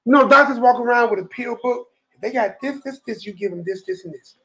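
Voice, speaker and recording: A man's voice: very high-pitched, brisk, fairly bright tone, rough recording. A man teaching a Bible study to a room of brothers, preaching emphatically and often asking "you know what I'm saying?".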